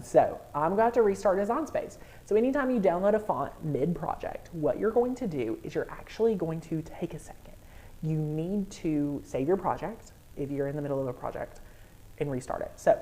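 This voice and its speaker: A deep-voiced woman hosts a live tutorial on crafting software, bubbly and excitable as she walks viewers through each step.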